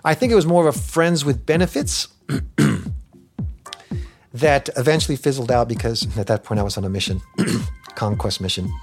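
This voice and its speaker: Frank, animated man telling stories. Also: mid-range voice, normal speed, pauses often, soft background music. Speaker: interviewee. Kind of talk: candid personal storytelling.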